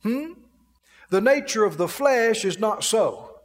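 A man's voice: sits high, animated, slow pace. A man preaching a sermon in a playful way, with his own laughter between points. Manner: playful, mimics grumbling, laughs often. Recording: long hall reverb.

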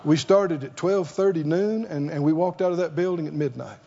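A man's voice: on the high side, normal speed, creaky, dark tone, dull audio. A man preaching a sermon, emphatic and fond of rhetorical questions.

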